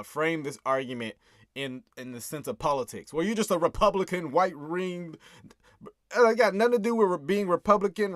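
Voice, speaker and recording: A man's voice: a little high, no echo, studio quality. A man hosting a casual breakdown of his own song, talking earnestly and often tagging his points with "right?". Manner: earnest, keeps asking "right?", chuckles. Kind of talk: casual commentary.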